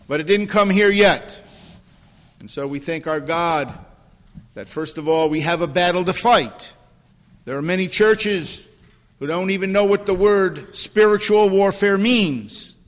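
A male pastor preaching a sermon in a church with a long, ringing reverb. His voice sits a little high for a man. He climbs and presses on his key points and sinks low and soft when he prays. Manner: rises in pitch and force when preaching, drops low in prayer. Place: church sanctuary.

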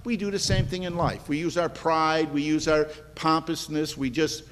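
A man's voice: on the high side, moderate pace, big-room sound. A man preaching a sermon to a congregation in an earnest, conversational way, often repeating himself for emphasis. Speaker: pastor.

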